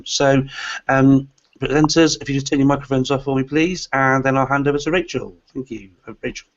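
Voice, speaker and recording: A man's voice: medium pitch, fairly even intonation, fairly quick. Man hosting a webinar, full of fillers. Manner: hesitant, many "uh" fillers. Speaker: host. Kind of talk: hosting a live online teacher webinar. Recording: lo-fi online call audio.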